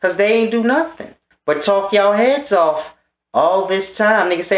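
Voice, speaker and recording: A man's voice: high voice, animated, unhurried. A man in his thirties delivering a blunt, scornful, profane monologue rant to his viewers. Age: 30s. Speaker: vlogger. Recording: tinny, phone-like and roomy.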